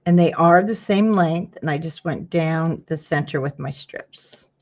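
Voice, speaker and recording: A woman's voice: low voice, unhurried, darkish tone, muffled recording. A woman hosting a casual craft tutorial, talking viewers through measuring and cutting while greeting them by name. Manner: chatty, greets viewers by name mid-task.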